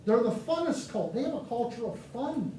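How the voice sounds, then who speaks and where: A man from the United States giving a lively, joking talk to a live audience, often asking them questions. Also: very high voice, normal speed. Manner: animated, joking, asks the crowd questions. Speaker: speaker addressing a live audience. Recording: echoey room, mic far off, faint noise.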